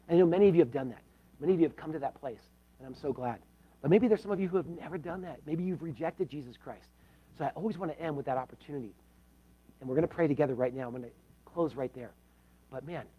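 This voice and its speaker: A man preaching a sermon as pastor, earnest, moving between loud emphatic points and hushed pleading prayer. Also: a little high, fast, long pauses, husky, highs cut off. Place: church service.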